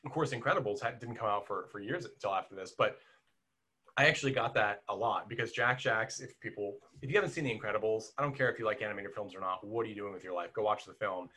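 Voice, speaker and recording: A man's voice: on the low side, fast talker, pushed and bright, husky. A man in a casual podcast conversation, chatting animatedly about a film with many fillers and restarts.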